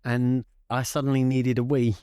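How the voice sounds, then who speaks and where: A man, co-hosting a podcast and telling a childhood story in an animated, chatty way. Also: moderate pace, clean tone, no echo, studio quality. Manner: animated, acts out voices with big pitch jumps. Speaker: podcast co-host. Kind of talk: casual storytelling chat.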